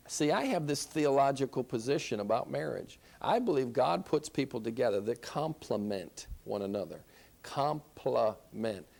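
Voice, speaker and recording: A man's voice: mid-range voice, a little mellow. A man teaching a Christian counseling class, emphatic, repeating key phrases and asking rhetorical questions. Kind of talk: classroom lecture.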